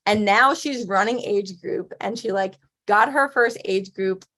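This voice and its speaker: A woman's voice: mid-range voice, unhurried, pushed and bright. A woman in her thirties, a guest athlete in a casual interview, talking in a chatty way, with lots of "like" and frequent laughs.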